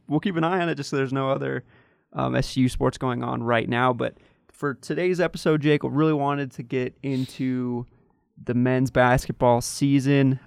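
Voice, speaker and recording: A young man hosting a casual sports podcast, relaxed and chatty with many fillers. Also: medium pitch, vocal fry, dry recording, studio quality. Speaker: podcast host.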